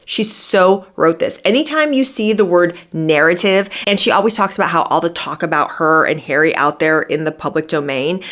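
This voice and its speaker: A woman's voice: sits low, a bit bright. A woman giving an emphatic, sarcastic commentary monologue, admitting she is worked up. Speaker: commentary vlogger. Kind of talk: opinionated monologue.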